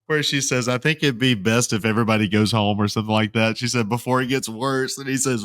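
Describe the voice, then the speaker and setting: A man's voice: medium pitch, fast talker, hardly any pauses, fairly bright tone, no room sound. A man co-hosting a casual podcast who laughs often and quotes lines from films. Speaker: podcast co-host. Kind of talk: casual chat.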